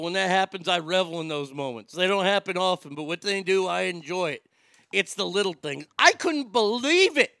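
A man's voice: very high voice, vocal fry, sharp tone, no echo, studio quality. A man telling a story as an angry, swearing rant, heated and indignant.

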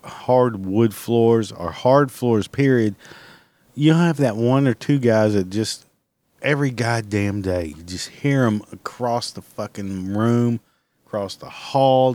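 A man delivering a comic rant, exasperated and swearing constantly, breaking into loud outbursts. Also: on the low side, no room sound. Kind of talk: profane comedic rant.

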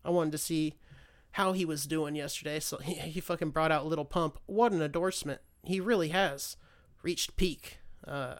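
A man hosting a podcast, ranting in a loose, profane, sarcastic way. He wanders off, loses his thread and restarts sentences. His voice is smooth and resonant and sits a bit high for a man. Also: normal speed. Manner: loses his train of thought, restarts often. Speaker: podcast host. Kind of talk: casual solo political rant.

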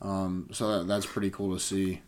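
A man's voice: low voice, level tone, moderate pace, darkish tone, slight background noise. Laid-back young male podcast co-host. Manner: laid-back, agreeable, many fillers. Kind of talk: casual sports chat.

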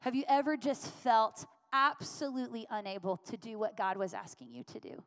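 A woman's voice: a little high, normal speed, hardly any pauses, fairly bright tone. Earnest woman preaching in an echoing hall. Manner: earnest, repetitive emphatic preaching. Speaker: pastor. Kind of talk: sermon. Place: church sanctuary. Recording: long reverb of a church hall.

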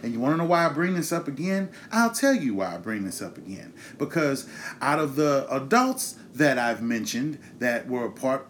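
A man's voice: fairly high pitch, slight background noise. A man in his thirties hosting his own show, ranting with angry, profane emphasis and pointed rhetorical questions. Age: 30s. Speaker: podcast host. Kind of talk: impassioned monologue.

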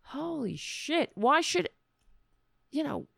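Woman host ranting, swears a lot, slow drawl, gravelly fry. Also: high voice, very animated, fairly bright tone, dry recording, clean studio sound. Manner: sarcastic, profane, exasperated. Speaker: show host. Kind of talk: casual ranting monologue.

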